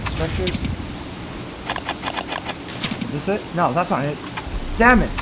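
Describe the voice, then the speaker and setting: A young man giving casual commentary on his own gameplay, talking to himself and bursting into loud, exasperated yelps. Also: on the high side, slow, very noisy. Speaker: let's play gamer.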